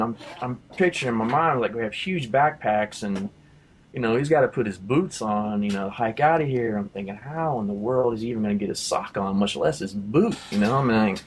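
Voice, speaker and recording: A man's voice: medium pitch, slight background noise. A man telling his own faith testimony in a casual, rambling way, full of fillers and acted-out quotes. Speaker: testimony teller.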